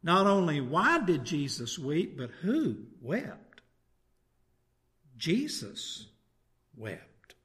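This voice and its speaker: Man preaching a sermon, slightly high. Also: wildly swooping pitch, takes it slowly, few pauses, fairly bright tone. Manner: reads scripture aloud, then preaches with rhetorical tag questions. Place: church.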